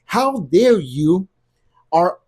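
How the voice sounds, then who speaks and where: An envious local spits out his indignation, as a husky-voiced man mocks him. The tone is sneering and resentful, delivered with a mellow, slightly high voice. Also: very animated, very slow, full character voice. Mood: indignant.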